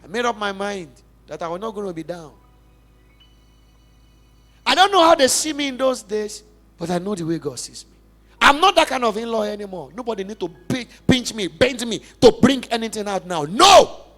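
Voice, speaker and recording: A young adult pastor from Nigeria with a Nigerian accent, giving an emphatic, passionate sermon testimony in church. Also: male voice, sits high, animated, a little fast. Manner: emphatic, passionate preaching with big swings in loudness.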